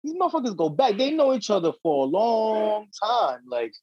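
Husky young man in slangy wrestling talk. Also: sits high, moderate pace, dry recording. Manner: profane, slangy, excitable. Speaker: podcast co-host. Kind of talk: casual wrestling chat. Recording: dry dull lo-fi audio.

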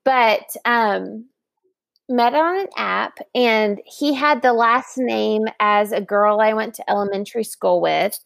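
A woman in her thirties casually telling a dating story, animated and acting out the other voices. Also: a little high, slow pace, gravelly, dry recording.

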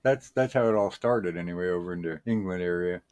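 A man's voice: low-pitched, fairly quick, a little mellow. A man co-hosting a comedy podcast, explaining things in folksy, ungrammatical talk with mock authority. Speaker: podcast co-host.

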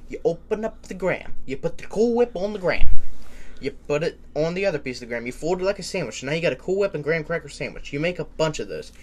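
A young man co-hosting a casual podcast, excitable and loud at times, swearing freely. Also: fairly high pitch, fast, a little hiss or hum. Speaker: podcast co-host. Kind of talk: casual chat.

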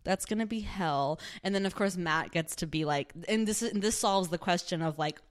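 A young woman with a slightly low voice chats loosely on a podcast. She rambles through her points, full of "like" fillers, and often breaks into laughter. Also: moderate pace. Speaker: podcast co-host. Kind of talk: casual chat recapping a TV show.

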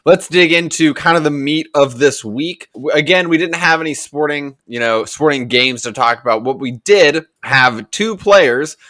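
A man hosting a casual soccer podcast, easygoing and relaxed, sometimes humming a little jingle. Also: fairly high pitch, moderate pace, hardly any pauses, no room sound, studio quality. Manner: easygoing, hums a little jingle when announcing segments. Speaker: podcast host running a soccer segment.

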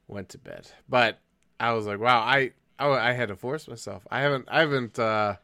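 A man's voice: medium pitch, moderate pace, bright, forceful tone, no room sound, studio quality. Laughing, rambling male podcast co-host. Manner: rambling, laughs at his own stories. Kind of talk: casual chat.

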